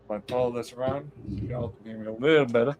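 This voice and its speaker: A man's voice: mid-range voice, fairly even intonation, fast talker, a little mellow, a little hiss or hum, rough recording. A man hosting a casual late-night podcast from home, telling rambling stories, laughing and cursing freely. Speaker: livestream host.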